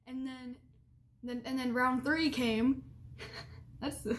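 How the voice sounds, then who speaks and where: A young woman with a high voice tells a candid story straight to camera and gives advice along the way. She is frank and blunt, giggles often and fills her talk with "like". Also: fairly even intonation, slow, slight background noise. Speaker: vlogger.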